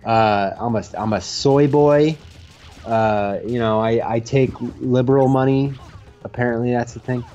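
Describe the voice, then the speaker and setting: A man's voice: mid-range voice, a little slow, lo-fi sound, faint music behind. A man co-hosting a casual gaming show, teasing his co-host and reading out viewer questions. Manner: animated, teasing. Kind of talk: casual podcast chat while playing games.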